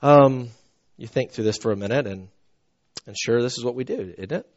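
A middle-aged man from the American South preaching a sermon, animated and earnest, often restarting his sentences. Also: medium pitch, moderate pace. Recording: dull lo-fi sound.

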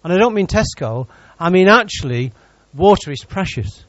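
A man delivers a sermon in a high, very animated voice that leaps up and down. He preaches as a pastor and teases his congregation with jokes between his points. The sound is dry and a little dull. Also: normal speed, no echo. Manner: lively, teasing preacher who jokes with the congregation.

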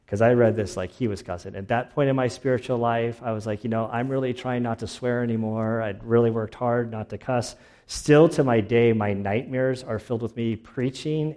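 A man preaching a sermon in a loose, conversational way, full of asides, fillers and restarts. His voice is mellow and relaxed, and his pitch sits in an ordinary middle range for a man. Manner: casual storytelling with many fillers and restarts. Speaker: pastor.

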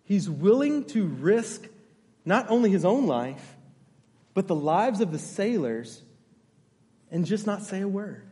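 High-voiced man preaching in a reverberant hall. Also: mellow. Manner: emphatic, repeats key phrases, checks in with congregation. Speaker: pastor. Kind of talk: sermon.

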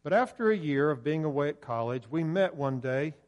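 A man's voice: fairly high pitch, animated, a little fast, a little mellow. A man from preaching a sermon, earnest and conversational, with hesitant restarts. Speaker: pastor.

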